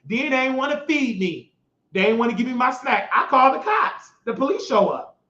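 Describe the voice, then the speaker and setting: A man hosting his show, telling a story in an emphatic, repetitive way that bursts into shouting. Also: very high voice, sing-song, moderate pace. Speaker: host. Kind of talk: animated storytelling monologue. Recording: echoey, dull lo-fi recording.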